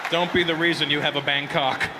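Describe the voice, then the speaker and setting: A man's voice: fairly high pitch, level tone, fairly quick. A man doing stand-up comedy before a live audience, telling crude, rambling stories, laughing at his own jokes and checking in with the crowd. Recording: noisy live club recording.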